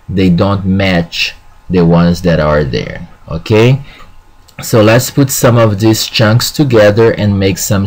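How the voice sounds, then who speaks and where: Slow, low-voiced man teaching Spanish sounds. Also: a little mellow. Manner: slow, repeats "okay" often, models words slowly. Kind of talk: classroom lesson.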